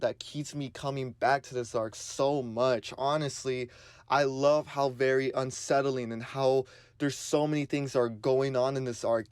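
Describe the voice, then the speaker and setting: A man talking through a lisp from fresh braces, earnest and rambling as he hosts his own channel. His voice is smooth and clear at a middle pitch. The sound is dry and close. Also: no room sound. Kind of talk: casual solo commentary.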